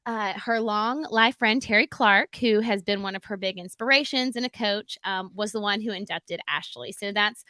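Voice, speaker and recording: A woman's voice: medium pitch, moderate pace, few pauses, pushed and bright, no echo. A woman co-hosting a casual chat show, upbeat and chatty as she reads out music news. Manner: upbeat, chatty, many ums. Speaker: entertainment news co-host.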